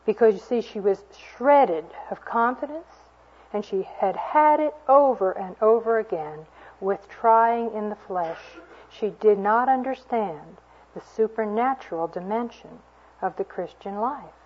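A woman's voice: medium pitch, a little slow, slightly rough. A woman giving an earnest, storytelling sermon to a women's gathering, with homely asides. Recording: dull lo-fi recording.

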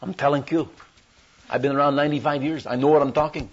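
A man putting on the voice of a grumpy, very old man who dismisses a young visitor with scoffing, gruff remarks. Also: a little high, fairly even intonation, a little slow, slight background noise, lightly acted. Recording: dull lo-fi recording.

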